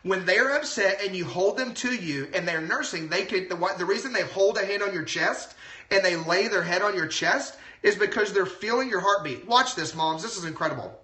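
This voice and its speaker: Excited chatty man, bright voice. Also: high-pitched, normal speed, echoey room. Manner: excited, chatty, lots of asides. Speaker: doctor giving health advice. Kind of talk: casual livestream talk.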